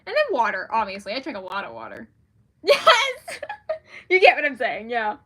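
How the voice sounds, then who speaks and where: Young female author, livestream host; higher-pitched, bright tone, laughs a lot, chatty and self-deprecating. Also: huge pitch swings, moderate pace, husky. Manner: giggly, rambling, self-deprecating. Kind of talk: casual livestream chat.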